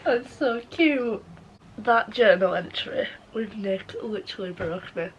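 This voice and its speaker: A woman's voice: medium pitch, measured pace, slight background noise, low-quality recording. A young woman vlogging about books she is reading, talking in a gushing, emotional way. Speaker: book vlogger. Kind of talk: reading vlog commentary.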